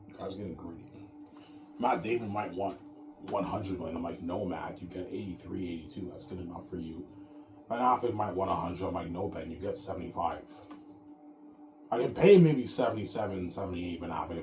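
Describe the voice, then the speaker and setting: A man's voice: sits low, roomy sound. A man hosting his own show in a casual, rambling monologue, repeating himself and tagging his sentences with "man.". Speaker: show host.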